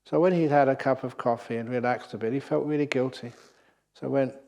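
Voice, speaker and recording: Male monk, retreat talk, animated storyteller, mid-pitched voice. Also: a little fast, vocal fry. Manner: lively storytelling, laughs at own jokes. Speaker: Buddhist monk teacher. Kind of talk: dharma talk at a meditation retreat.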